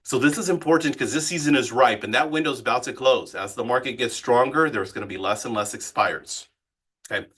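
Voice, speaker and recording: Bright, husky-voiced man coaching a group. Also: mid-range voice, fairly quick. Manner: animated, asks the group questions. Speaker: real estate sales coach. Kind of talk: live training session.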